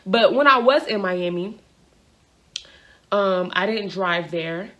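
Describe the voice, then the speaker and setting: A young woman talks straight to the camera in a casual storytime vlog. Her voice sits at an ordinary middle pitch. She rambles, circles back and leans on filler words as she tells it. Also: lively intonation, slow, sharp tone, dull audio. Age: young adult. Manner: rambling, repeats herself with filler "like". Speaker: vlogger. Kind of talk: storytime monologue.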